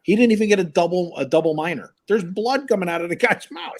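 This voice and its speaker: A man's voice: high-pitched, quick pace. Man ranting about hockey calls. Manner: animated, incredulous ranting. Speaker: hockey show host. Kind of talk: casual sports chat.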